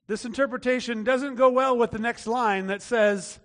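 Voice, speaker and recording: High-voiced man preaching in a reverberant hall. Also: normal speed, few pauses. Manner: conversational preaching with acted-out quotes and sudden shouts. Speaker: pastor. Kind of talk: sermon.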